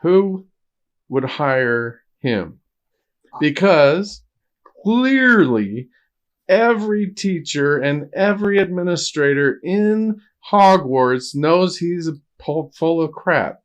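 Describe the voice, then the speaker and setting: Male podcast co-host, deliberate pace, dry and sarcastic delivery. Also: sits high, animated. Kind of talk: casual film discussion.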